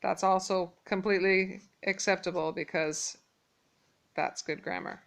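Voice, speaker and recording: A woman teaching a casual Mandarin lesson, patiently repeating phrases slowly and clearly. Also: lowish voice, steady tone. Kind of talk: casual spoken language lesson.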